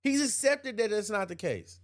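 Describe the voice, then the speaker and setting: On his opinion livestream, the male host reads chat messages aloud and fires back emphatic replies, repeating himself and laughing often. He has a high voice with wide pitch swings and talks at normal speed.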